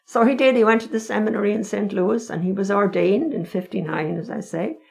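A woman's voice: mid-range voice, brisk, vocal fry, a little mellow. An older Irish woman telling stories of her family's past in a frank, wry, conversational way. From Ireland. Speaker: interviewee. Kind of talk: reminiscing storytelling.

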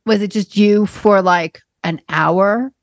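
A woman's voice: mid-range voice, dry recording, clean studio sound. Chatty woman hosting a podcast. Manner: chatty, eager questioner with quick agreements. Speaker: podcast host. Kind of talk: casual chat.

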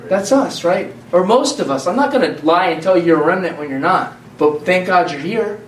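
A man with a high-pitched, expressive voice preaches an informal sermon to a congregation, talking fairly quickly with hardly any pauses. His delivery is conversational, full of repeated phrases and restarts, and the audio comes from far off in an echoey room.

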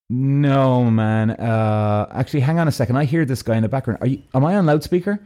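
An Irish man telling a personal story in a loose, swearing, animated way, acting out both sides of each conversation. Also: mid-range voice, a little fast, hardly any pauses. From Ireland. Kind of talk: casual storytelling.

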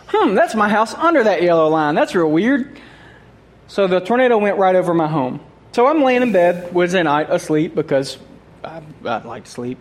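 A man telling a humorous personal story to a group, animated and acting out his own remarks. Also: a little high. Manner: animated, acts out his own quoted thoughts, laughs often.

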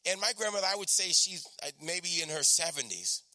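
A man preaching a sermon, exhorting with emphatic repetition and dropping to soft storytelling. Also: high-pitched, animated, brisk.

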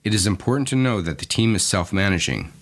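Low-voiced male podcast host, methodical lesson narration, very expressive intonation. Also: fast. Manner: clear, methodical explaining.

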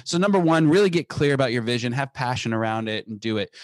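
A man's voice: mid-range voice, fast talker, hardly any pauses, no room sound. Emphatic man with a dry voice. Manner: emphatic, energetic, frequent restarts. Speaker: business founder being interviewed. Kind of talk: casual interview talk.

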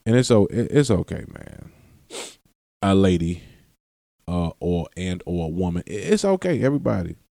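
A man's voice: deep voice, moderate pace, vocal fry, pauses often, dark tone, no room sound, clean studio sound. A man hosting a solo podcast, long-winded and rambling, often breaking off his sentences and laughing as he goes. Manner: long-winded, self-interrupting, laughs and curses. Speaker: podcast host.

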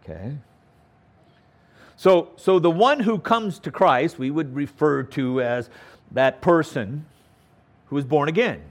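A man's voice: a little high, expressive, slow, long pauses. A man preaching a verse-by-verse Bible teaching sermon, stressing key words and often checking in with "okay?". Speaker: pastor.

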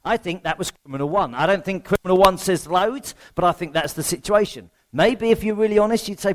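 A man's voice: high voice, brisk, few pauses. A man preaching a sermon in a conversational way, asking rhetorical questions and poking fun at himself. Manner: rhetorical questions, self-deprecating humour.

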